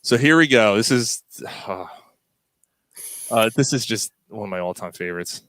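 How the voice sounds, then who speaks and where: A man's voice: moderate pace, no echo. A man hosting a podcast, telling a story in casual chat and acting out the quotes. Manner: animated, acts out quotes with pitch jumps. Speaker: podcast host.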